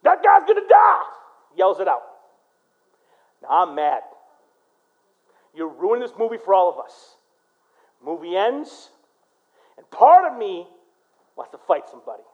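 A male pastor from Michigan preaching a sermon, swinging between loud, punchy lines and quiet storytelling. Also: high-pitched, very animated, unhurried, pauses often, phone-quality sound.

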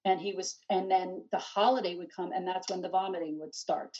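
A middle-aged woman telling her story in an interview, animated and rambling, full of restarts and "you know.". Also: fairly low pitch, fairly quick, husky. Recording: distant dull lo-fi mic.

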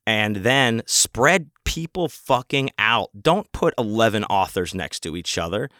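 A man's voice: on the low side, expressive, measured pace, bright, forceful tone, no echo, clean studio sound. A man telling a story in a casual, rambling way, heated and full of swearing. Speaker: convention vendor telling a story.

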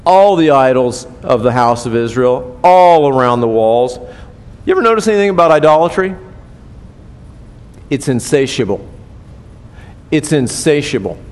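A man's voice: medium pitch, lively intonation, moderate pace, pauses often, darkish tone. An older man preaching a sermon in a conversational way, often asking the congregation questions and tagging his points with "right?". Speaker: pastor. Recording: long hall reverb.

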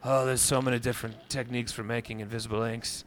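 A man doing a grave, serious Swedish man who speaks slow and solemn in a voice pitched down from his usual one. The tone is earnest, with no accent put on. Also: little pitch movement, slight background noise, lightly acted.

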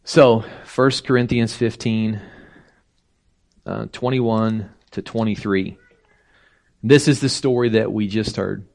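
A man preaching a sermon, slow and deliberate, rising in pitch for emphasis. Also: steady tone, gravelly, darkish tone. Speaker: pastor.

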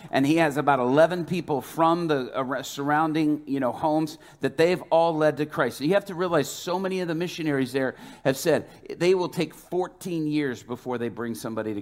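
A man preaches, telling a story as a testimony. His voice sits a little high, and he tells it lively, acting out each exchange. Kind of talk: sermon testimony.

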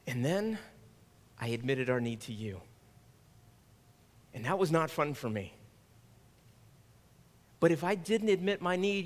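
A man's voice: a little high, animated, moderate pace, pauses often, fairly bright tone. A man pastor delivering a sermon in an earnest, conversational preaching manner. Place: church sanctuary. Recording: long reverb of a church hall.

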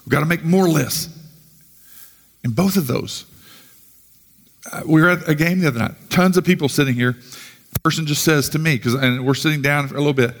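A man's voice: a little high, a little fast, long pauses, big-room sound. A man pastor giving a conversational sermon full of rhetorical questions.

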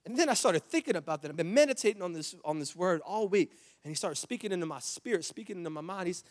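A middle-aged man preaching a sermon, telling stories with repeated restarts and building to loud, impassioned climaxes. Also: high voice, expressive, fast, in a large hall. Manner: storytelling with repetitions and restarts. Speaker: pastor.

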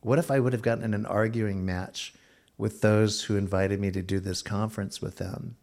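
A middle-aged man preaching a sermon, slowing down for emphasis and dropping to a near hush at times. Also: on the low side, gravelly. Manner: expressive preaching, slows for emphasis and drops to a hush. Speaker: pastor.

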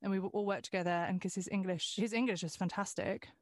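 A woman's voice: mid-range voice, fairly even intonation, fast talker, no room sound, clean studio sound. A woman in casual chat, talking loosely with frequent restarts.

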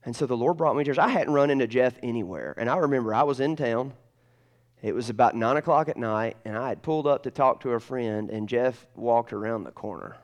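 Man preaching with lively storytelling. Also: medium pitch, a little fast, lo-fi sound. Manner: storytelling, animated swings between loud and hushed. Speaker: pastor. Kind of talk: sermon.

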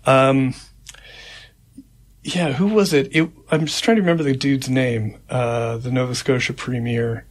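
In a radio studio, a man co-hosting a show chats casually about city politics, conversational and rambling, tallying names aloud. His medium-pitched voice has fairly even intonation and a measured pace, recorded dry on a studio microphone.

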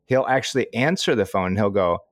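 Middle-aged male podcast host, low voice, unhurried chuckling storyteller, dry close mic. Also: animated, dry recording. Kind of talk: casual chat.

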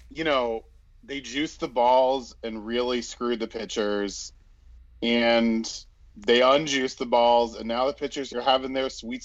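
A man's voice: mid-range voice, fairly bright tone, no room sound, highs cut off. A man in casual sports chat, rambling with many fillers and restarts.

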